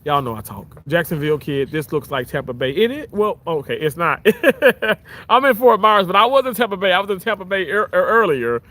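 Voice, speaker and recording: A man with a slightly high voice talks casually on a livestream, reading comments. He rambles and restarts his sentences often, and his pitch leaps upward whenever he gets excited. He is outdoors by the water, speaking into a phone held at arm's length. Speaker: livestream host.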